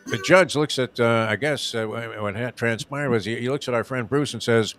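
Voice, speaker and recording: A man's voice: mid-range voice, moderate pace, few pauses, a bit bright, soft background music. Rambling older man telling a story. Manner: rambling, full of fillers and restarts. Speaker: radio show host. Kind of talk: casual storytelling chat.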